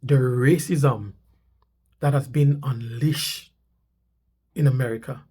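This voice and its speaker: A man's voice: medium pitch, steady tone, slow pace, warm tone, breathy edge. A man hosting a commentary channel, talking insistently and repeating his points with rising emphasis. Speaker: channel host. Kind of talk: commentary on news clips. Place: Canada.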